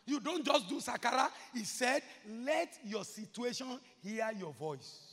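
A man preaching a sermon as pastor, moving from murmured asides to shouted, repeated chants. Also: very high-pitched, animated, unhurried. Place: large church hall. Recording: reverberant church hall.

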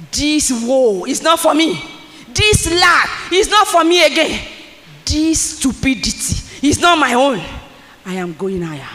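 A preacher delivering a sermon in a church hall, firing repeated questions at the congregation and swinging from low asides to shouted calls. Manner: repetitive, rhetorical questions to the congregation. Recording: long hall reverb, faint ambience.

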